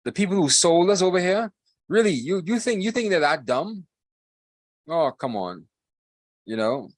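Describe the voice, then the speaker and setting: A man's voice: high-pitched, sing-song, moderate pace, no room sound. A man co-hosting a podcast, ranting emphatically and repeating himself in casual political talk. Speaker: podcast co-host.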